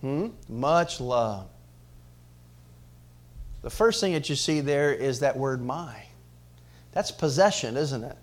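A man preaching a sermon to his congregation, swinging between loud emphatic rises and quiet drops, often asking the church questions. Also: medium pitch, lively intonation, slow, pauses often. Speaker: pastor.

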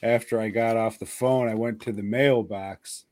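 A man's voice: lowish voice, fairly even intonation, normal speed, darkish tone. A man hosting a casual podcast, wry and cursing freely, telling stories and mimicking people he spoke to on the phone. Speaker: podcast host.

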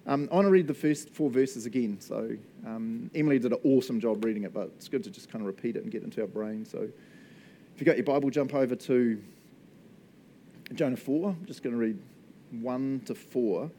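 A man's voice: medium pitch, fairly quick, dark tone, a little hiss or hum. A man with a New Zealand accent preaching a sermon in a jokey manner, laughing often. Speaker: pastor.

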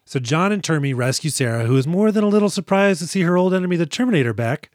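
A man's voice: a little high, animated, fast talker, a little mellow, no room sound, clean studio sound. A man co-hosting a casual movie podcast, recapping scenes in a jokey, profane way and acting out lines. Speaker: podcast co-host.

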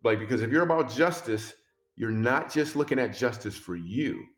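A man's voice: medium pitch, normal speed. Roomy-sounding man telling a story. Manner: animated storyteller who acts out quoted dialogue; speaks of faith and following God's voice. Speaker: comedian. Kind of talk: personal storytelling in a conversation.

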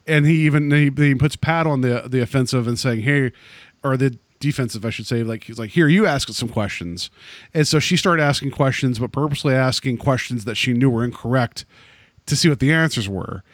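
Casual male podcast co-host, rambling and restarting, medium pitch, dry close sound. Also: fairly quick, no echo. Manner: rambling, full of fillers and restarts. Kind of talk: casual chat.

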